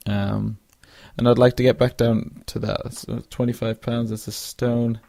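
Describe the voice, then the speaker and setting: A man's voice: medium pitch, little pitch movement, normal speed, vocal fry, warm tone, dry recording, studio quality. A young man hosting a casual solo podcast, rambling with lots of fillers and restarts and yawning now and then. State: yawning, drowsy. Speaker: podcast host.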